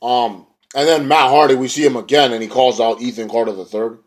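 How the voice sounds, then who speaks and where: A man's voice: medium pitch, fairly even intonation, brisk. A young man casually recapping a wrestling show, rambling in slang and now and then mimicking the wrestlers. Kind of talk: casual recap, retelling a show with quoted voices.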